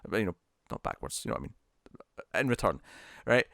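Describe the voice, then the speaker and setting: Animated man reviewing a show. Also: lowish voice, creaky, dry recording, clean studio sound. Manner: animated, quick restarts and repeated words. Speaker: podcast co-host. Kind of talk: casual review chat.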